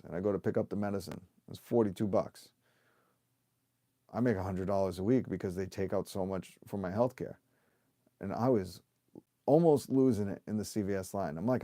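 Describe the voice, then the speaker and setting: A man in his thirties speaks to his livestream audience in a fired-up, emphatic rant, piling up rhetorical questions. His voice sits a little low and has a dark, mellow tone. The sound is dry and close, with no room echo. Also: moderate pace, long pauses. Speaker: livestream host and union organizer. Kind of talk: impassioned livestream rant to viewers.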